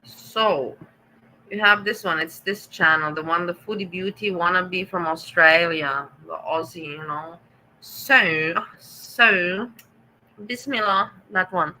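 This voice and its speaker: A middle-aged woman with a German accent hosts a casual livestream, reading her chat and answering viewers directly with sarcastic, teasing, blunt jabs. Her voice is fairly low in pitch yet bright and forward. The audio is poor, with slight background noise.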